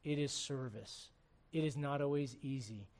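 A middle-aged man from Puerto Rico preaching a sermon to a congregation, shifting from fervent shouts to quiet, earnest appeals and slipping in jokes. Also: medium pitch, normal speed. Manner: joking asides to the congregation. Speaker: pastor. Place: church service before a congregation.

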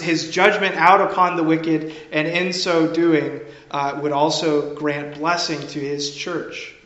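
A man preaching a sermon in a measured, earnest way, now and then restarting a phrase. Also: high voice, sharp tone. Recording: echoey, slightly dull room sound.

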